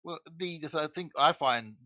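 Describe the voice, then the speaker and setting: Halting male caller, bright lo-fi voice. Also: fairly high pitch, no echo. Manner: halting, stammering. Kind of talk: call-in chat.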